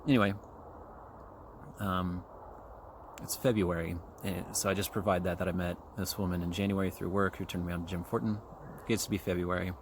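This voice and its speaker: Low gravelly man rambling on a trail. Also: flat delivery, fairly quick. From Kansas City, USA. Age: 40s. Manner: rambling, profane, with many fillers and asides. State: chewing gum. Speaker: podcast host. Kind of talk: casual solo podcast monologue. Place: outdoors on a trail. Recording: faint outdoor background noise.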